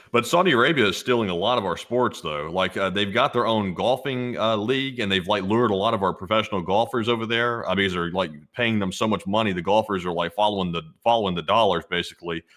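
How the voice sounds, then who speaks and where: A man's voice: lowish voice, a bit bright. A man co-hosting a casual livestream, reading out viewer donations and chatting offhand with frequent fillers.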